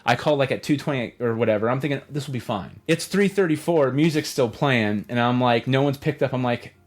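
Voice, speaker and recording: A man's voice: mid-range voice, a little fast. A man hosting a podcast, telling a rambling story in casual chat. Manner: rambling, animated storyteller who acts out quotes. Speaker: podcast host.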